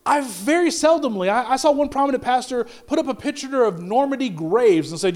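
Guy preaching, very high voice, gets loud then drops low, trips over his words a lot. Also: expressive, brisk. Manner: impassioned preaching, swinging between loud and low; stumbles and restarts often. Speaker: pastor. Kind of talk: sermon.

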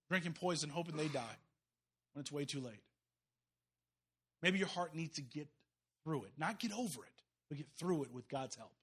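A man preaching an impassioned, folksy sermon, rising to loud urgent peaks and dropping to quiet asides. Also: a little high. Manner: folksy, uses y'all and slang. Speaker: guest preacher.

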